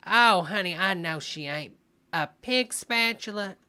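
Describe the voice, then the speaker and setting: A woman's voice: on the low side, expressive, unhurried, sharp tone, smooth. A woman hosting a livestream, giving sassy, gossipy comic commentary and calling everyone honey. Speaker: livestream host reacting to a video.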